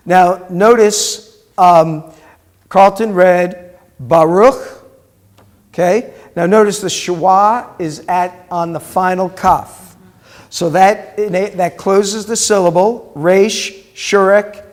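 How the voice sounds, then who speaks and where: High-voiced rabbi teaching slowly. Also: male voice. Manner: patient, drills vocabulary and explains pronunciation step by step. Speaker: rabbi teaching a Hebrew class. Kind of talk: classroom teaching.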